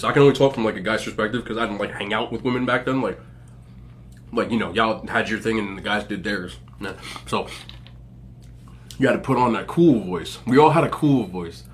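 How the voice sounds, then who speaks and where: A man in his forties telling stories to viewers in a relaxed, joking way, laughing often and using plenty of slang. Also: mid-range voice, slight background noise. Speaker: mukbang host. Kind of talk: casual storytelling to viewers.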